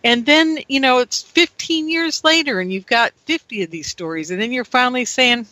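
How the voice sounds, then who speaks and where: A woman on a talk-radio call-in show, ranting animatedly and acting out credulous listeners in a higher voice. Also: normal speed, few pauses, bright, forceful tone, no room sound. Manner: ranting, mimics gullible listeners in raised voice. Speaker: radio guest.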